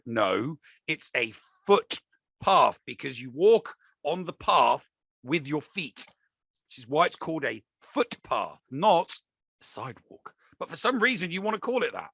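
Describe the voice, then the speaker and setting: A British man co-hosts a podcast, rambling through loose casual chat full of fillers and restarts. His voice is gravelly and bright. It sounds dry and close to the mic. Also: fairly high pitch, dry recording. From United Kingdom. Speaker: podcast co-host.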